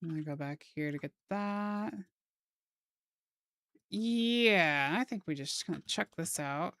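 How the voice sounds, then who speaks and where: This woman's voice is fairly low but animated, slow and a bit bright, recorded at studio quality without echo. A playful young streamer, she jokes and chats casually as she draws live. She leans into goofy wordplay and silly put-on phrases.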